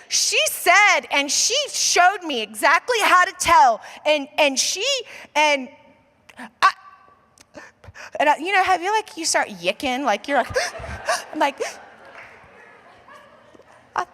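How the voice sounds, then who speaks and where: An American woman pastor telling a story in a sermon, acting out the dialogue and saying "like" a lot. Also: very high voice. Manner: animated storyteller acting out dialogue, says "like" often. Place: church auditorium. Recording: long reverb of a church hall.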